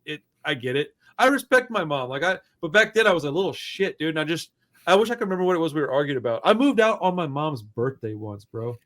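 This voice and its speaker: A man hosting a podcast, telling a long story in a loose, profane, animated way. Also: fairly high pitch, fast talker. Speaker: podcast host. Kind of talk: casual storytelling chat.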